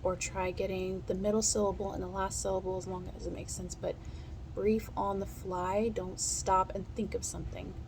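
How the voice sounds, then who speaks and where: Against a noisy background, a woman in a mid-range voice with little pitch movement gives a relaxed lesson on stenography practice. She's chatty and fast, addressing viewers directly as she instructs.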